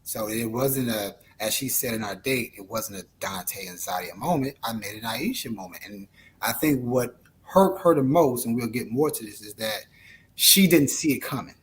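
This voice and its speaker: A man's voice: medium pitch, expressive, normal speed, slight background noise. A man as an interview guest, telling a story in a laid-back, rambling way full of fillers. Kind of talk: casual storytelling.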